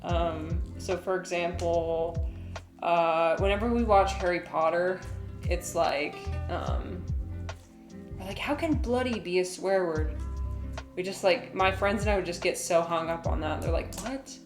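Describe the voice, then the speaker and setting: Giggly, unhurried woman streaming. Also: lowish voice, fairly even intonation, reverberant, music in the background. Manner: giggly and rambling with many fillers. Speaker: live streamer. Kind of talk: casual stream chat.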